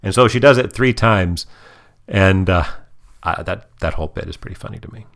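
A man hosting a casual chat, recapping an episode with playful, animated storytelling. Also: low voice, moderate pace, creaky. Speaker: podcast host.

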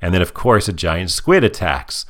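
A man's voice: sits low, sing-song, normal speed, fairly bright tone. A man co-hosting a podcast, chatting casually and explaining jokes in a dry way. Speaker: podcast co-host. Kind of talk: casual chat.

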